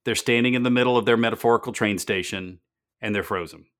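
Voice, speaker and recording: Low-voiced American man telling a business story. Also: quick pace. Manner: earnest storytelling, emphatic repetition. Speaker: podcast host. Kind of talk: business podcast monologue.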